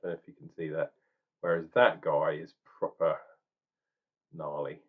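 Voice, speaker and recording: A man's voice: a bass voice, little pitch movement, moderate pace, narrow, tinny audio. A man chatting casually while tasting and reviewing a beer, thinking aloud with ums and restarts.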